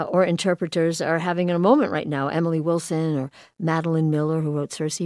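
A woman's voice: fairly low pitch, darkish tone, dry recording, clean studio sound. A woman hosting a radio interview, asking curious questions with light laughs. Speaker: radio news host. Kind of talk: broadcast interview.

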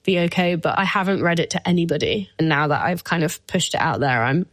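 A woman in her thirties talks openly as a guest, her voice sitting on the low side. She drops in casual fillers, and the close recording has no room sound. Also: brisk, no room sound. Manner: open and emotional, speaking with many "like" fillers. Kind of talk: candid personal conversation.

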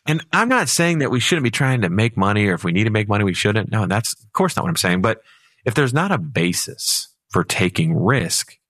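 A man's voice: lowish voice, sing-song, a little fast, a bit bright, no room sound, clean studio sound. A man co-hosting a financial radio show, telling stories in a conversational way that sometimes speeds up. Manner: storytelling and conversational, with sudden speed-ups. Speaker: financial advisor co-host. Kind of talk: talk radio chat.

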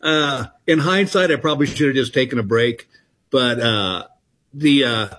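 A middle-aged man, a comedian telling stories in an interview, halting and self-deprecating. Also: medium pitch, a bit bright. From Texas. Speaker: comedian guest. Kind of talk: casual interview chat.

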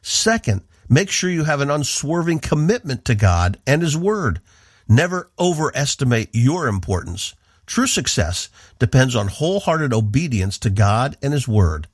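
A man's voice: medium pitch, big pitch swings, normal speed, slightly rough, no echo. A man from the northeastern United States, a radio Bible teacher giving an earnest, emphatic devotional talk into a studio microphone.

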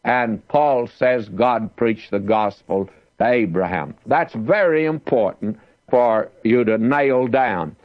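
A man's voice: mid-range voice, takes it slowly, no room sound, lo-fi sound. A man teaching the Bible verse by verse, reading scripture aloud with emphasis.

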